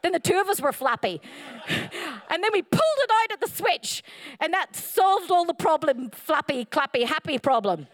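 A middle-aged woman preaching a sermon, animated and playful, telling humorous stories and slipping into silly voices. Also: normal speed. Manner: animated, playful, jumps into high silly voices for quoted lines.

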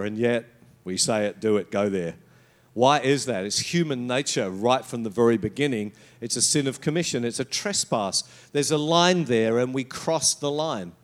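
A man's voice: mid-range voice, animated, normal speed. A middle-aged man, born in England, preaching a sermon in a storytelling way. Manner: storytelling, with brief put-on voices and accents. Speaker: pastor.

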